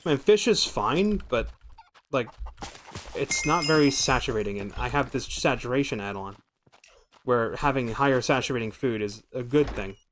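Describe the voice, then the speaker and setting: A man's voice: medium pitch, lively intonation, moderate pace, a little hiss or hum. An American man giving casual, rambling gameplay commentary as a streamer, thinking aloud and swearing now and then. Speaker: gaming streamer.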